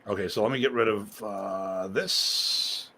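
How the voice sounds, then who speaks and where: A man with a fairly low, forceful, tense-edged voice hosts a casual live stream. He rambles and stresses his points hard, sliding easily into rants as he teaches about martial arts. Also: unhurried. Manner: rambling and emphatic, prone to rants. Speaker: martial arts instructor and show host.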